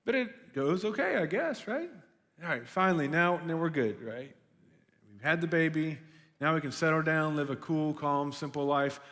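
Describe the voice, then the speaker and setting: A young man giving a casual, chatty sermon to students, full of "like" and "right?", as a youth pastor. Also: on the high side. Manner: chatty and animated, lots of "like" and "right?". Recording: long hall reverb.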